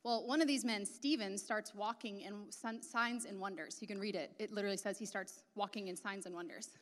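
A woman's voice: medium pitch, fairly quick, a bit bright, big-room sound. A middle-aged woman pastor preaching a sermon, telling a personal story in an earnest way.

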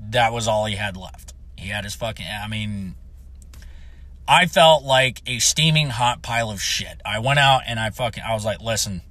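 Brash young veteran, swears constantly, forceful and sharp, no room sound. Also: male voice, lowish voice, moderate pace, dry recording. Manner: heavy swearing, blunt and heated. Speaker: Marine veteran telling a story. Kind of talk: profane storytelling rant.

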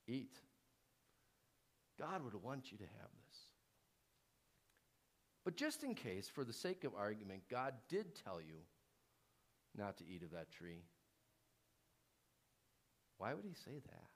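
A preacher voicing a sly male serpent who tempts with soft, wheedling questions in a villainous whisper. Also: a little high, creaky, full character voice.

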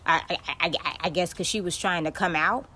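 A woman's voice: on the low side, fairly quick, pushed and bright, slightly rough. A young woman hosting a podcast, ranting bluntly and profanely in a casual monologue. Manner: profane, blunt, heated storytelling. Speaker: podcast host.

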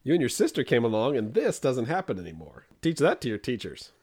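A man in his thirties co-hosts a podcast, his mid-range voice quick and a little breathy. He tells funny stories in casual chat, animatedly acting out quotes in put-on voices.

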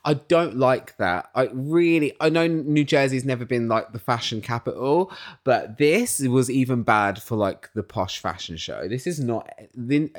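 Lively, gossipy British recap host. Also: mid-range voice. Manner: ranting, gossipy, swears freely, laughs often. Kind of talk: casual solo recap chat.

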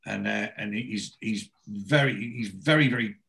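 A man's voice: normal speed, gravelly. A man chatting casually, retelling television scenes and acting out the lines. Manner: animated storyteller, acts out quotes with jumps in pitch. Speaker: podcast host recapping a TV episode.

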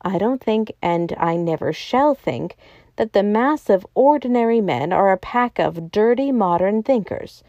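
A woman voicing a jolly, impatient male doctor in a storybook reading, talking briskly and heartily. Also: medium pitch, lively intonation, mellow, no echo, dull audio. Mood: emphatic.

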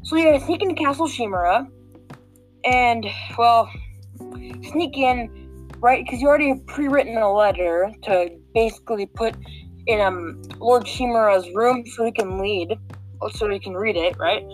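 A woman's voice: fairly high pitch, normal speed, faint music behind, rough recording. A woman guiding listeners through a game mission in casual, rambling chat, full of fillers and restarts. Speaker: game walkthrough guide.

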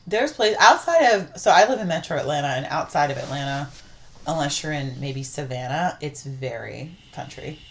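Low-voiced frank young woman. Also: animated, moderate pace, slight background noise. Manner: frank, chatty, laughs often. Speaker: podcast guest. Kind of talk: casual chat.

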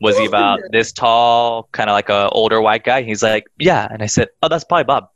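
A man casually telling a ghost story on a podcast, animated, swearing freely and acting out the voices of the people in it. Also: fairly low pitch, moderate pace, no room sound.

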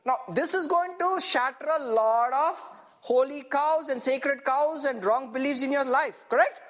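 A man's voice: very high voice, a bit bright. A man preaching a sermon with emphasis, having his listeners repeat verses after him and asking for agreement after nearly every point. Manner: emphatic, has the congregation repeat lines; reads verses slowly, stressing each phrase.

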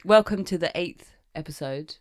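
A woman's voice: lowish voice, moderate pace, no echo, studio quality. A woman, co-hosting a podcast at home in casual chat, easily distracted and laughing often. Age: 20s. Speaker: podcast co-host. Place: home room by a garden window.

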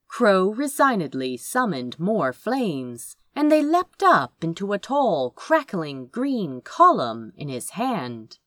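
Woman reading a fantasy audiobook, slow and wry, lowish voice, dry close sound. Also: no room sound. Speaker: narrator. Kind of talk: expressive audiobook narration.

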